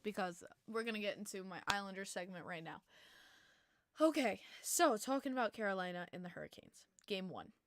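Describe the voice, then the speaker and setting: A young woman hosting a casual hockey podcast livestream, chatty and full of "like", breaking into loud disbelief at times, on a desk mic at home. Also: medium pitch, animated, a little fast. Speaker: podcast host. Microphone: desk mic, adjusting gain.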